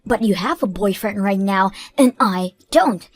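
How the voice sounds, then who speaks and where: A woman's voice: medium pitch, unhurried, no echo, soft background music, natural voice. A woman voicing a furious jealous friend. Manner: shouting, accusatory. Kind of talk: animated story voice acting.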